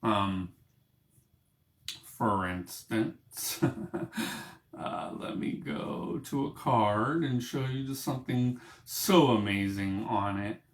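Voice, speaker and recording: A man with a lowish voice draws out his words as he rambles casually to camera on his own small broadcast, stumbling through fillers and restarts. The book-lined room makes him sound reverberant.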